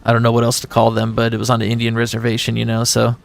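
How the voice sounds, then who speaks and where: A man's voice: mid-range voice, completely flat delivery, racing, vocal fry. A man telling a long rambling story to his viewers as he plays a game live. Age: adult with a son. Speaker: gaming streamer. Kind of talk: casual chat while playing a game.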